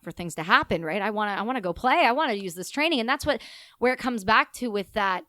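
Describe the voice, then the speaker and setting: A woman from Canada, a guest on a podcast, telling animated stories full of casual slang. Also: mid-range voice, quick pace, dry recording. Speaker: guest, army veteran.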